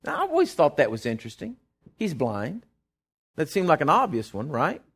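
A man preaches. His voice sits high and swings widely in pitch, and he breaks into sudden loud bursts. He throws in folksy jokes and checks in with the congregation. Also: normal speed, husky. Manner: animated preaching with sudden loud bursts and call-and-response asides; folksy, joking asides. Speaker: pastor. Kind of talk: sermon.

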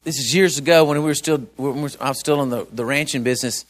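A man's voice: medium pitch, fast talker. A middle-aged man preaching a sermon, folksy and emphatic, often repeating words as he tells a story. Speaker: pastor.

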